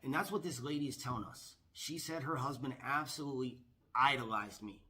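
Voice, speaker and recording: A man telling a storytime vlog as a professional gambler, emphatic and repetitive, often pushing his voice loud. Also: mid-range voice, a little fast, noisy background.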